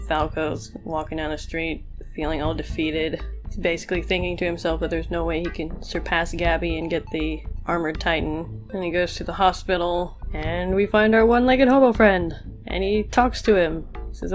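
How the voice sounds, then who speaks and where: Young woman, comic recap, sarcastic and casual, lowish voice, faint music behind. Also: steady tone, normal speed. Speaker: manga reviewer. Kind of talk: reading a comic chapter aloud with commentary.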